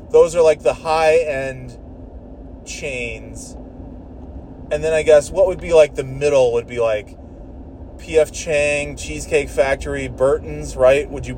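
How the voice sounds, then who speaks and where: Man, casual vlog rant from a car, mellow dark voice, lots of swearing and false starts. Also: fairly high pitch, slight background noise. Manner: profane, rambling, exasperated, with frequent restarts.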